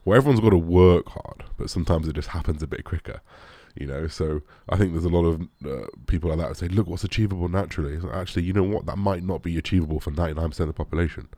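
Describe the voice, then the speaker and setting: A young man with an extremely low, deep voice rambles through viewer questions in an easygoing chat, leaning on "like" and dropping swears. The sound is close and dry, with no room around it. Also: rapid-fire, hardly any pauses, warm tone, no room sound. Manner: rambling, lots of "like", swears casually. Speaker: bodybuilder answering viewer questions. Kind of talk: casual Q&A chat.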